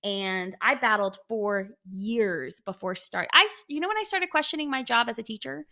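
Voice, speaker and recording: Bright-voiced woman chatting and teasing. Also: a little high, moderate pace, gravelly. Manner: teasing, animated. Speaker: podcast co-host. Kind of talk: casual chat.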